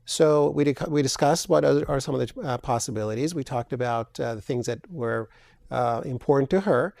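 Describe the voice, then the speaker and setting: A man being interviewed as a plastic surgeon, answering in a measured, explanatory way with frequent fillers. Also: mid-range voice, gravelly, a little mellow, no room sound.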